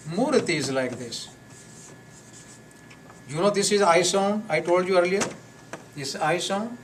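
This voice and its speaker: A man teaching a live class on pronunciation, slowly repeating words and sounds for his students. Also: high voice, expressive. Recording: distant mic with faint noise.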